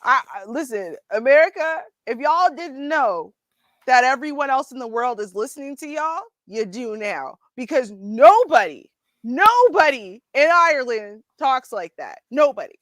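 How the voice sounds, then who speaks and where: A woman hosting a casual commentary show, animated and sarcastic, laughing often and talking straight to her viewers. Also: high voice, a little slow, no room sound. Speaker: host. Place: Ontario.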